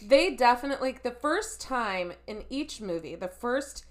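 A woman co-hosting a podcast, recapping a movie in casual chat, animated and laughing, swearing freely. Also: on the high side, unhurried. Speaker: podcast co-host.

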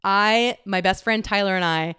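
A woman's voice: medium pitch, moderate pace, bright, forceful tone, clean tone. A young woman telling a personal story, candid and emotional, laughing often and close to tears.

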